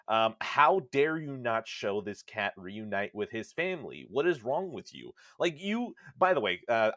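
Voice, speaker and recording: Animated young man, lively casual chat. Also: fairly low pitch, no room sound, clean studio sound. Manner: animated, swearing, acts out voices in his stories. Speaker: podcast co-host.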